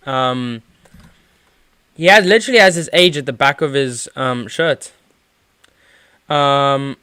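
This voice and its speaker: A man's voice: on the high side, bright, forceful tone, no room sound, studio quality. A man giving rambling live play-by-play as a football fan streamer, with lots of fillers and restarts. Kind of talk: live watchalong match commentary.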